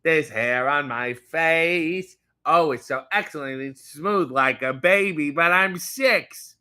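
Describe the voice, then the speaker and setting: A man's voice: on the high side, takes it slowly, pushed and bright, smooth, voice pushed up. A man voicing a silly six-year-old boy who narrates himself shaving with butter in a whiny, wondering way. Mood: giddy.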